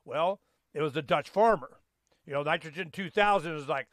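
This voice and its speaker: A man's voice: a little high, moderate pace, fairly bright tone, dry recording, studio quality. A man hosting a talk show, chatting in a loose, folksy way with lots of fillers and restarts. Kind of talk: casual rambling chat.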